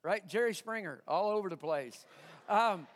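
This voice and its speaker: A man preaching a sermon, retelling a story in an animated way, acting out the voices of the people in it and chuckling often. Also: sits high, moderate pace, in a large hall. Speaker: pastor.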